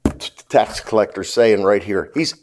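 A man's voice: lowish voice, moderate pace, darkish tone. A man preaching a sermon as pastor, emphatic, repeating his points and checking with the congregation.

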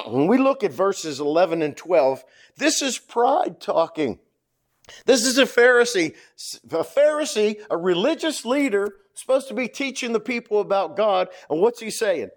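A man preaching to his congregation, stressing each point by saying it twice. His speaking voice sits on the higher side for a man. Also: big pitch swings, unhurried. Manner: emphatic, repeats points, asks the congregation "right?". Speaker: pastor. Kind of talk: sermon.

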